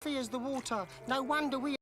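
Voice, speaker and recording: An actor voicing a gloomy, self-pitying male polar bear in an animated film, speaking in a mournful, melodramatic way. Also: extremely high pitch, normal speed, no echo, studio quality. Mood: mocking.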